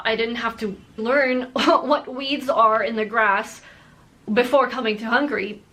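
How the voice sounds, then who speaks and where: A woman vlogger chats straight to her viewers in a casual, storytelling way. Her voice sits a little high and rings bright. She keeps things animated and laughs easily as she talks. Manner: animated, laughs while telling stories. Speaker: language-learning vlogger.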